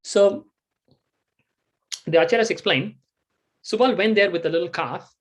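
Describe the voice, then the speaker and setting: A man giving a devotional storytelling talk, animated and acting out the scenes he tells. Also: high-pitched, a little slow. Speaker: devotional speaker.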